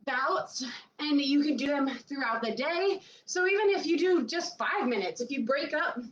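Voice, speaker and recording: A woman's voice: high-pitched, roomy sound, recorded from a distance, lo-fi sound. Breathless woman coaching a workout. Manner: breathless, puffing while exercising. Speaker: fitness coach. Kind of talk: workout instruction.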